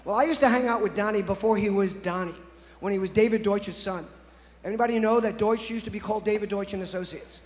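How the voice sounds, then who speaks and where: High-voiced man telling stories on stage. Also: fairly even intonation, fast. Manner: playful, anecdotal, addresses the audience directly. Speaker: conference presenter. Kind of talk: storytelling keynote talk. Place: conference stage. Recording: echoey conference hall.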